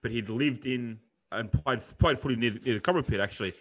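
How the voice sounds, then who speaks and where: A young Australian bloke co-hosting a podcast, talking in loose, rambling casual chat. His voice sits at an ordinary middle pitch, and he drops the odd swear word as he goes. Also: a little fast, a bit bright. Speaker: podcast co-host.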